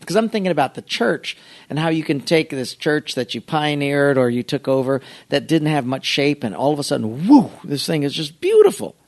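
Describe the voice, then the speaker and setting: A middle-aged male pastor telling a humorous, self-mocking anecdote in an animated storytelling way. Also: a little high, normal speed.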